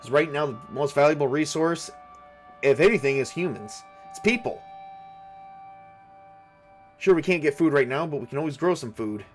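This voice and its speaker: A man voicing a grown male survivor who talks calmly and reassuringly. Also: fairly high pitch, moderate pace, long pauses, faint music behind, lightly acted. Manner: calm, reassuring. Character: steady adult male survivor, reassuring leader.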